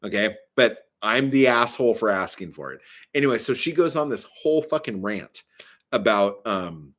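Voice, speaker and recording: A man's voice: on the low side, lively intonation, moderate pace, fairly bright tone. A man casually telling a story in a vlog, swearing often and rambling with many fillers and asides. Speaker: vlogger.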